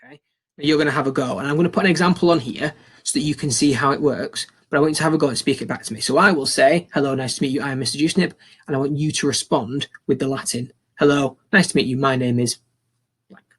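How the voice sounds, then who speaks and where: A man's voice: mid-range voice, fast talker, fairly bright tone, husky. A young man teaching a recorded school lesson, upbeat and encouraging, repeating phrases for learners to copy.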